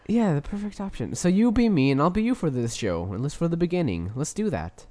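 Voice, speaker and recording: Goofy man with a wildly lively voice. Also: brisk, dry recording. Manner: goofy, swings between a squeaky high voice and a deep mumble. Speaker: podcast co-host. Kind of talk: comedic casual chat. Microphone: video call mic.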